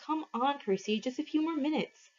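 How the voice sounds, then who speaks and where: A woman's voice: high-pitched, expressive, normal speed, distant mic, a little hiss or hum, pitched above the performer's own voice. A woman voicing a clever girl who is distracted and snappish, in a dull lo-fi recording. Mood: dismissive.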